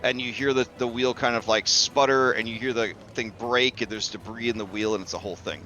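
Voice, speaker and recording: A man's voice: medium pitch, fairly even intonation, brisk, sharp tone, muffled recording, slight background noise. A man running a tabletop game as game master, talking loosely and chattily with many fillers and the odd curse.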